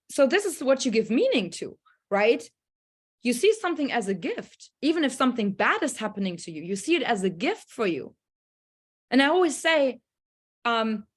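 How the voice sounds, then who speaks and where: A woman on a group video call telling a personal story in a casual, motivational way, earnest and animated, with many fillers and restarts. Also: fairly high pitch. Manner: acts out her own past thoughts and a friend's lines.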